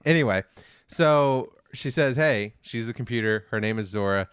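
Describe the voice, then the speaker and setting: A man's voice: medium pitch, moderate pace, smooth, no echo. A man co-hosting a review podcast, casually retelling an episode's plot in a rambling way with lots of fillers. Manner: rambling, many fillers, quotes characters flatly.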